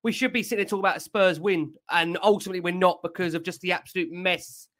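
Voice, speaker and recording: A man's voice: high voice, fairly even intonation, quick pace, a bit bright. A man hosting a fan podcast, steering the talk to guests and reviewing the match. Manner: conversational, steering, slightly hesitant. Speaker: podcast host.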